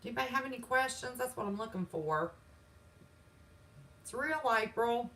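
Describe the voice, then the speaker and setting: A woman's voice: on the high side, expressive, moderate pace, bright, forceful tone, far from the mic, rough recording. A woman with a Southern accent from West Virginia, hosting a livestream from her home, talking in a sassy, defiant, folksy way while reading chat. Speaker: channel host. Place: home, indoors.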